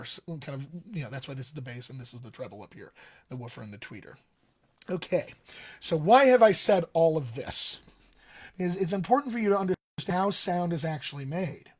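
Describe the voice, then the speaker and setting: A young man with a slightly high, somewhat mellow voice teaches a live-streamed voice lesson as a dialect coach. He explains conversationally, uses analogies, and talks directly to his viewers.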